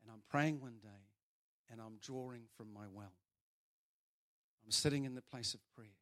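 A man over forty, preaching a sermon and telling a story with big swings between loud and soft. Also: medium pitch, moderate pace.

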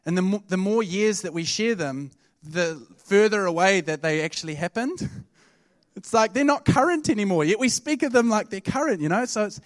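A man preaching a sermon to his church, telling stories in a conversational, animated way. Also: high-pitched, normal speed, no room sound, clean studio sound. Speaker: pastor.

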